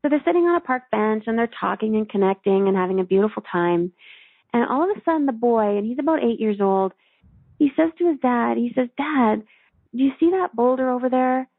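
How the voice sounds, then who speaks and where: Woman on a tinny phone line, higher voice, soothing storyteller, guiding meditation. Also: expressive, creaky, no room sound. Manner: earnest, soothing, slow when guiding. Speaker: spiritual teacher and guest.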